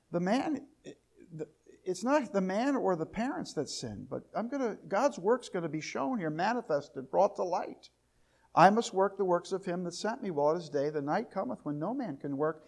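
A man's voice: high voice, sing-song, normal speed, gravelly, darkish tone. A man teaching a Bible lesson, reading verses aloud and explaining them, often repeating his key questions with rising emphasis. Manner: reads scripture aloud, then explains it.

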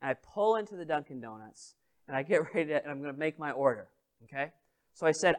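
A man's voice: on the high side, a little fast. A man preaching a sermon as pastor, telling a story and asking the congregation questions. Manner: animated, addresses the congregation directly.

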